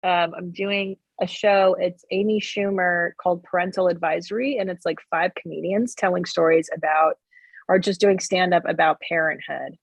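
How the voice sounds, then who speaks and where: Wry joking woman comedian, husky. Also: fairly low pitch, fairly even intonation, moderate pace, no echo, low-quality recording. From Canada. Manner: wry, joking, plugs her work. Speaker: guest comedian. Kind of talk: casual interview chat.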